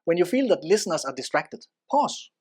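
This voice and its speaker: A presenter giving a spoken lesson in instructional narration, expressive and varying loudness for emphasis. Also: medium pitch, moderate pace.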